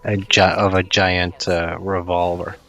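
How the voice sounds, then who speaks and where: Slow easygoing man gaming. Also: low-pitched, little pitch movement, bright, forceful tone, soft background music. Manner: easygoing, hesitant, with fillers. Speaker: co-op gaming friend. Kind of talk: casual gameplay chat.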